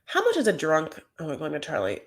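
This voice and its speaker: She's a fast talker with a slightly low voice and huge pitch swings, giving a gossipy, meandering reality TV recap. Her casual speech is packed with "like" and "you know."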